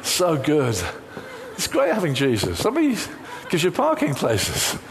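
A man's voice: on the high side, wildly swooping pitch, unhurried. A man preaching a sermon, telling a personal story full of quoted dialogue. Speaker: pastor.

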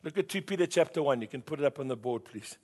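A male pastor, preaching a sermon and calling on the congregation to repeat his words, dropping from hushed tones to loud passion. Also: mid-range voice, expressive, fast talker, husky. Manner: call-and-response preaching, swinging between hushed and loud.

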